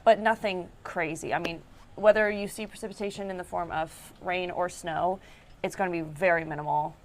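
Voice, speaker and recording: A woman's voice: on the low side, steady tone, moderate pace, a little hiss or hum. A woman TV news reporter with a New York accent, chatting casually on air and laughing as she tells stories.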